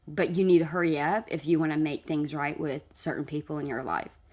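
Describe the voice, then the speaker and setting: A woman's voice: low-pitched, fairly even intonation, fairly quick, darkish tone. A woman giving blunt, scolding reaction commentary on video clips. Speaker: commentary vlogger.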